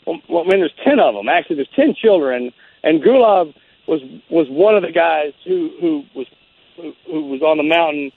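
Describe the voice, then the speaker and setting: A man in his forties, the guest, telling a story in a halting, rambling way full of restarts. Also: fairly high pitch, expressive, gravelly, breathy edge. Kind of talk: casual storytelling. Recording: phone-like narrow sound.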